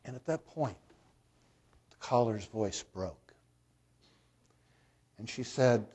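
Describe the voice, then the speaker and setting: A man with a husky, slightly breathy voice preaching to his congregation. He tells a story in plain, conversational terms and keeps putting questions to the listeners. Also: medium pitch, expressive, slow pace, long pauses, mellow. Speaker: pastor. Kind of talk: sermon.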